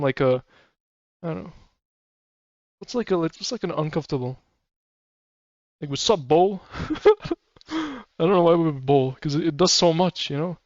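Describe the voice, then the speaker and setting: Streaming with a fairly high-pitched voice, this man rambles on in a casual, profane way and laughs frequently. His mic is dry and a bit muffled, with no echo.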